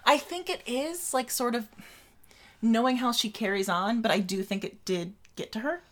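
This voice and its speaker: A woman's voice: fairly high pitch, normal speed, fairly bright tone. A woman co-hosting a podcast, chatting casually about literary history with lots of fillers and giggles. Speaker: podcast co-host.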